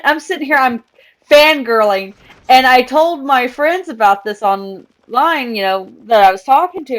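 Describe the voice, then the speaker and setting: A young woman talks casually on a live game stream, her voice sitting a little higher than most. She tells stories in an excitable, chatty way, breaking off now and then to deal with the game. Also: normal speed. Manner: chatty, excitable storytelling while multitasking in a game. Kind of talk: casual gaming stream chat.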